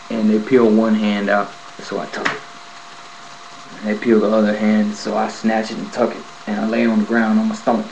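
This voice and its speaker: A man casually telling a personal story to his viewers, animated and profane, acting out the scenes as he goes. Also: lowish voice, gravelly, a little hiss or hum, rough recording. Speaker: vlogger telling a prison story.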